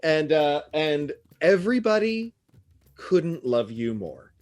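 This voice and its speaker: A man's voice: on the high side, sing-song, slow, darkish tone. A man narrating as game master, chatty and playful.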